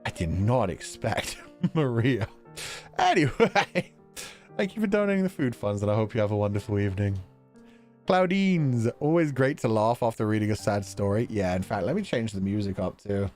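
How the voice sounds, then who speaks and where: A young man streaming casually, chatting with viewers in an animated way, laughing often and swearing casually. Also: on the low side, moderate pace. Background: faint background music.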